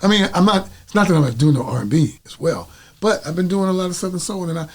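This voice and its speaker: A middle-aged singer from the United States, a guest telling stories in a casual interview and acting out the dialogue. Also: male voice, high-pitched, fast. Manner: animated, acts out quoted dialogue.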